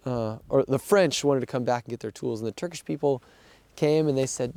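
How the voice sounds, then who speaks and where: Gravelly, dark-voiced man recounting events. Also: medium pitch, fairly quick, no echo. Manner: earnest storytelling, acting out quoted dialogue. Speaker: missionary aid worker. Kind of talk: casual spoken account of events.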